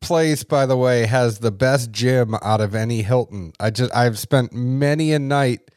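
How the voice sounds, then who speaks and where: A man's voice: medium pitch, a little slow, a little mellow, smooth, dry recording, studio quality. A man hosting an interview, chatty and full of enthusiastic asides. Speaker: interview host. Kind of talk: casual interview chat.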